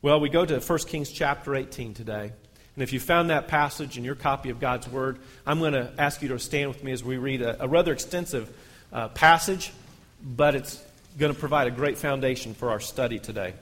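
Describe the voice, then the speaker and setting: A male pastor, reading scripture aloud in a sermon and lifting his voice on the quoted lines. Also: medium pitch. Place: church sanctuary. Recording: long hall reverb.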